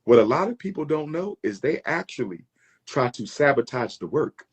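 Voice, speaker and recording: A man in a played clip speaks to an audience, emphatic and aggrieved. His voice is husky and sits at a middle pitch. He swings it widely for emphasis. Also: very animated, moderate pace. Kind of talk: address to an audience.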